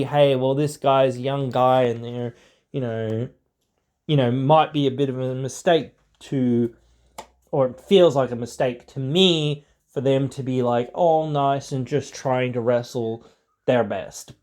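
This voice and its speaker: A man's voice: mid-range voice, darkish tone. Rambling man on a wrestling podcast. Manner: rambling, heavy filler words. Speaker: podcast host. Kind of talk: casual podcast chat.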